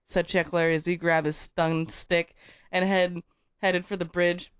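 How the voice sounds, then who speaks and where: A woman's voice: on the low side, little pitch movement, normal speed, clean tone. A woman co-hosting a comedy podcast, reading a story aloud and breaking into laughter all the time. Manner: laughs constantly while reading.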